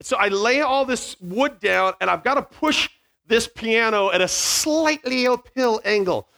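A man telling a funny story to an audience, animated and self-mocking, acting out sounds, with a small mic near his beard. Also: very high-pitched, unhurried, vocal fry.

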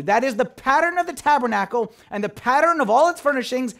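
A man preaching a sermon as a priest. He talks in an animated way, acts out the voices he quotes and swings from loud to hushed. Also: extremely high pitch, fairly quick, hardly any pauses.

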